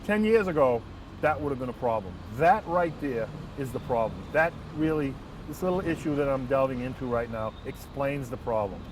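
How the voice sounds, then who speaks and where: A man, a transit police lieutenant, telling a work anecdote in an earnest, measured way with frequent restarts. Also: medium pitch, lively intonation. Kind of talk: first-person anecdote and reflection. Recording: distant mic, faint outdoor traffic noise.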